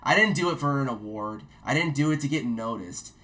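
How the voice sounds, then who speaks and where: A man and army veteran, a guest telling stories in casual chat, profane and animated, mimicking shouted orders as he goes. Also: mid-range voice, brisk. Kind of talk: casual storytelling.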